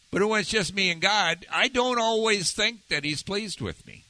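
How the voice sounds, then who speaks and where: A man delivers a sermon like a conversation, often turning to his listeners with questions. His voice is very bright and forward, and his pitch swings widely for emphasis. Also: animated, moderate pace, dry recording, rough recording. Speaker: pastor.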